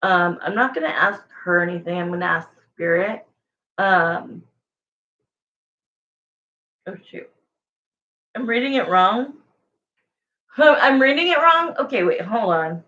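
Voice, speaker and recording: A woman chats her way through a casual livestream tarot reading at an unhurried pace. She rambles, corrects herself and talks straight to the viewers. The sound is dull and lo-fi, like a home stream. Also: mid-range voice, lively intonation, bright, forceful tone. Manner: chatty, rambling, self-correcting, answering viewers. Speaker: tarot reader.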